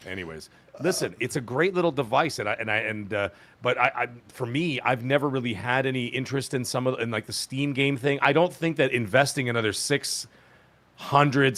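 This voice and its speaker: A man's voice: medium pitch, a bit bright. A man co-hosting a gaming podcast, chatting casually, rambling with fillers and laughter. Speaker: podcast co-host. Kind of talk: casual chat.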